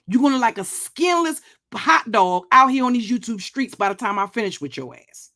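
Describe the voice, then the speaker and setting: Older woman, pitch a bit high, profane, threatening, restarts and stammers. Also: expressive, normal speed, hardly any pauses, fairly bright tone. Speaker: YouTube commentary channel host. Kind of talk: blunt monologue vlog.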